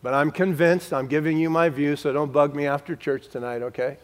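A man preaching a sermon to his congregation, slowing for emphasis and dropping to a hush on key words. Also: on the high side, steady tone. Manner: direct, talks to the congregation. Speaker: pastor.

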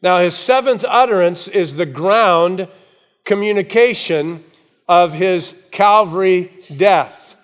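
High-voiced preaching man. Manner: preaching with dramatic slow emphasis on quoted words; jokes with the congregation in asides. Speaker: pastor. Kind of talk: sermon.

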